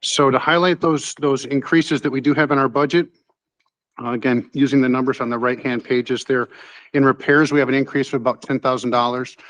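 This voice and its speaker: A man's voice: mid-range voice, steady tone, a little fast, fairly bright tone, low-quality recording. A man presenting a school technology budget to a board, speaking formally with frequent "uh" fillers. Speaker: school district technology administrator. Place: town hall meeting room.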